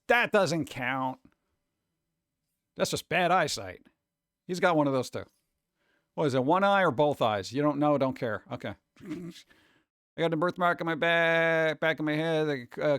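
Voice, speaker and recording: A man chatting casually on a live stream, rambling and animated, jumping between topics and slipping into mocking voices. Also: a little high, no echo, studio quality.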